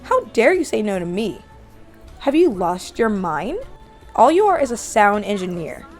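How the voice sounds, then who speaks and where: A woman's voice: mid-range voice, very animated, a little slow, a little mellow, soft background music. A woman putting on a haughty spoiled flirt. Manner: haughty, teasing, manipulative.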